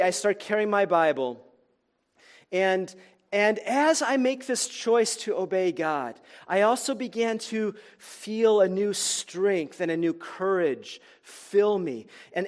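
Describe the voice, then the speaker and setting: A male pastor telling a personal story in a sermon, earnest and animated, acting out the quoted dialogue. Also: sits high.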